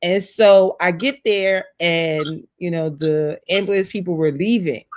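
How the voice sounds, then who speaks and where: A woman in her forties telling personal stories in a casual, heartfelt conversation, acting out what people said with big pitch jumps. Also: unhurried. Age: 40s. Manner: animated storyteller, acts out voices with big pitch jumps.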